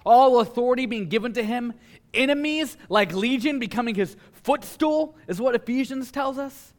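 With a very high-pitched voice, this male pastor delivers his sermon, using dramatic pauses and shifting between hushed and forceful tones.

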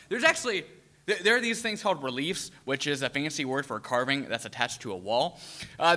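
Animated preacher with a bright voice. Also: male voice, sits high. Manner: animated, acts out quoted voices, asks the audience questions. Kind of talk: sermon.

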